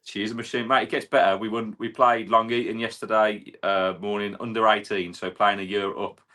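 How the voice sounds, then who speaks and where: An English man with a fairly low voice co-hosting a football fan show. He talks in a matey, enthusiastic way. His delivery is casual chat between friends. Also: level tone, brisk, pushed and bright. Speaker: co-host of a football fan channel.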